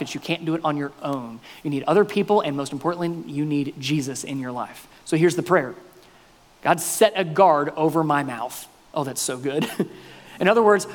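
A male pastor preaching a sermon, mostly earnest and quiet, breaking now and then into loud, playful bursts. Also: fairly high pitch. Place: church sanctuary. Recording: long reverb in a hall, faint music.

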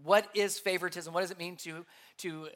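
An earnest pastor delivers a sermon in a steady, mid-range voice at a fairly quick clip. He keeps repeating his key points and putting rhetorical questions to the congregation.

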